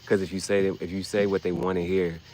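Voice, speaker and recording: A man ranting casually and profanely on his vlog, rambling and getting animated as he goes. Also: deep voice, fast, a little hiss or hum, low-quality recording. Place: dim room.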